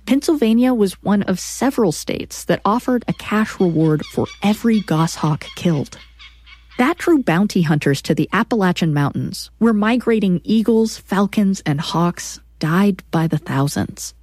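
A woman giving measured, clear scripted narration for a short radio program. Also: mid-range voice, animated, a little mellow, no echo.

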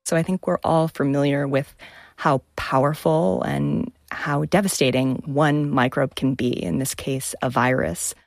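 Low-voiced woman telling vivid science stories. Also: steady tone, unhurried, vocal fry, no room sound. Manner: vivid, enthusiastic storytelling. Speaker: microbiologist. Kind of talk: storytelling talk, stage and interview.

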